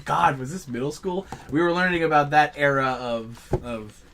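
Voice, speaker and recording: A man co-hosting a comedy podcast in loose, profane chat. His voice sits a little high and sounds bright. He rambles through anecdotes with lots of laughter. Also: moderate pace, a little hiss or hum. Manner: profane, animated storytelling with frequent laughs. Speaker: podcast co-host.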